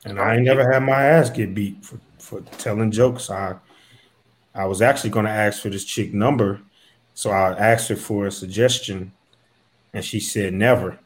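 A man with a fairly low voice, complaining in a long self-pitying rant. He plays a failed comedian in a comedy sketch. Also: fairly even intonation, moderate pace.

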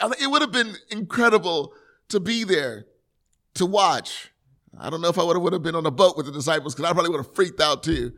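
A man's voice: sits high, bright, forceful tone. A man preaching a sermon, retelling a scripture story with earnest, vivid storytelling and acting out the scene. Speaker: pastor.

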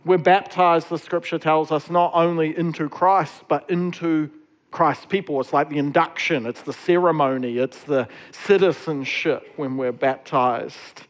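Man, pastor, sermon, high-pitched, conversational, filler-heavy. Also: fairly even intonation, unhurried. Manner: casual, conversational preaching with many fillers.

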